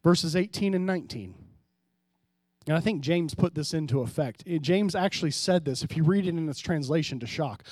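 A man pastor preaching a sermon, swinging between hushed, low passages and loud, emphatic rises, often calling out to the congregation. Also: expressive, moderate pace, dry recording, clean studio sound. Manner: preaching with sudden drops to quiet and loud rises, calls to the congregation.

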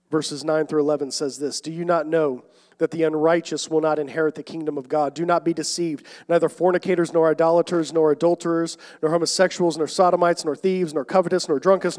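Young preacher in a reverberant church. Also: male voice, a little high. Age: young adult. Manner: dynamic preaching, swinging from loud emphatic calls to quiet asides. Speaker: pastor. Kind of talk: sermon. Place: church sanctuary. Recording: long hall reverb.

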